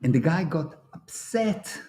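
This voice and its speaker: Animated higher-voiced man. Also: measured pace, a little hiss or hum. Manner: animated storyteller, acts out quotes. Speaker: host. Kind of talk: casual livestream chat.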